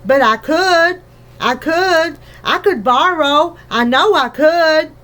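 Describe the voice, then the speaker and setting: A bold young borrower girl pleads and insists in a bright, high storybook voice. A woman reading aloud puts her on. She speaks slowly and earnestly. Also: expressive. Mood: eager.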